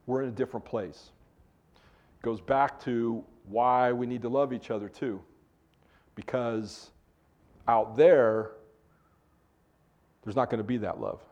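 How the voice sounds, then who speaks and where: A man's voice: mid-range voice, a little mellow. A pastor preaching a conversational sermon to a small congregation, joking with them as he explains a Bible passage.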